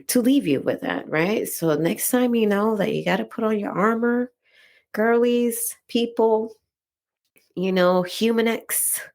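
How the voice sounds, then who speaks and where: A woman's voice: on the low side, vocal fry, darkish tone. A woman with a Dominican accent, hosting a podcast and telling a personal story in a chatty way, full of "like" and "right?". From Dominican Republic. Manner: chatty, frequent "like" and "right?" tags. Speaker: podcast host.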